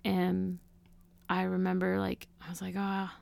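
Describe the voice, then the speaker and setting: A woman speaks as an interview guest, telling a deeply personal story in an earnest, emotional way. Her voice sits low for a woman and carries a gravelly fry, and the sound is dry and close. She talks casually, with many "you know" and "like" fillers. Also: fairly even intonation, moderate pace, a little mellow, no room sound.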